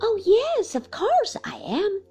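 A woman reading aloud who voices a childish, easily frightened young woman with a high, pleading, girlish manner. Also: sing-song, takes it slowly, faint music behind, heavily acted.

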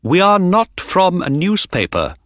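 A man voicing a confident, sharp-minded detective in an audiobook, speaking in a calm, assured way. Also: high voice, unhurried, no room sound, clean studio sound, pitched above the performer's own voice, full character voice. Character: sharp, confident male detective, middle-aged. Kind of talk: audiobook character reading.

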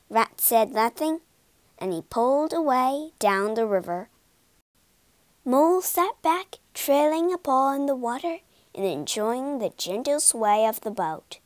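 A woman narrating a children's storybook in a clear, expressive, deliberate way. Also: on the high side, no echo.

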